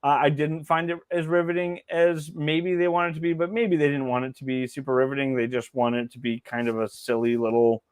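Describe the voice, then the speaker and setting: Rambling higher-pitched man on a podcast. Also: fairly even intonation, a little fast, hardly any pauses, clear, resonant tone, no echo. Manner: rambling, many restarts and fillers. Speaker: podcast co-host. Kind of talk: casual chat.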